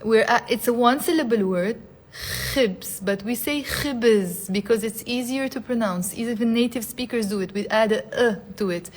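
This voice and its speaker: A woman teaching Arabic in a live online lesson. She repeats phrases slowly, then coaxes her viewers to say them aloud with her. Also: fairly high pitch.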